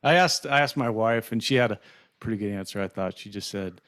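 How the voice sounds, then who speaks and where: A man's voice: fairly low pitch, a little fast, a bit bright. A man co-hosting a finance podcast, earnest and openly moved as he shares a story. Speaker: podcast co-host. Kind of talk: casual chat, telling a story.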